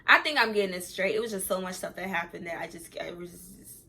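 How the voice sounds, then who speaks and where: A young adult woman vlogger rambles through a casual storytime, acting out what people said in an animated way. Her voice is lowish, gravelly and slightly rough, and she talks fast.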